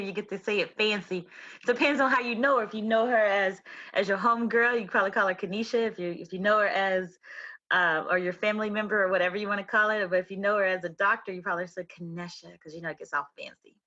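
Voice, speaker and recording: Bright, husky woman telling lively stories. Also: mid-range voice, fast, lo-fi sound. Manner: animated, slangy storytelling with impressions. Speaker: guest, commercial banker and author. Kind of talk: casual interview chat.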